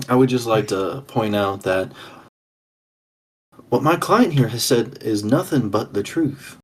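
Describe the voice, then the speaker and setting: A persuasive male defense lawyer with a slightly husky voice at a middling pitch, as a man plays him. He pleads his case in measured courtroom phrasing during a tabletop game role-play.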